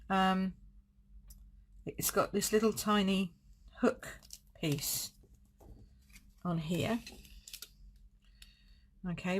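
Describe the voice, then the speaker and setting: A woman's voice: on the low side, slight background noise. A woman leading a live card-making demonstration, chatting, thinking aloud and correcting herself as she works. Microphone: desk setup streaming live.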